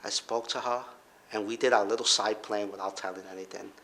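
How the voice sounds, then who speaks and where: A middle-aged man casually telling a personal story, halting and restarting, then jumping up in pitch to act out other people's voices. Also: fairly even intonation. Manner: halting, with restarts and trailing off quietly.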